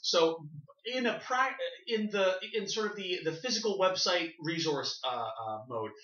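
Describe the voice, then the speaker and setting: A man's voice: high voice, expressive, a little slow, fairly bright tone. Canadian male co-host, casual, rambling and eager, heard from a distance in an echoey room with dull lo-fi sound. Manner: rambling, enthusiastic, many fillers and restarts. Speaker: podcast co-host. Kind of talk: casual panel chat. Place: shared room.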